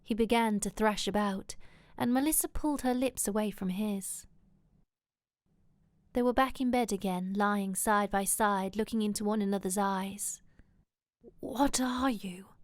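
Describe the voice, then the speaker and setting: A woman reading a romance novel aloud in a soft, intimate, often whispered way. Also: medium pitch, fairly even intonation, normal speed, no echo. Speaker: audiobook reader.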